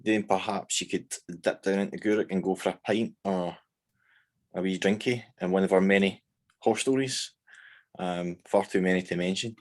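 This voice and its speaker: A man's voice: low-pitched, fairly even intonation, moderate pace. A man with a Scottish accent, a band member chatting casually in an interview, rambling with many fillers and restarts. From Scotland.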